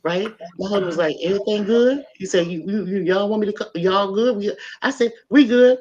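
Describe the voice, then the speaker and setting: A woman's voice: mid-range voice, brisk. Middle-aged woman, casual podcast host, emphatic storytelling, dull lo-fi sound. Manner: animated, emphatic storyteller, addresses listeners as y'all.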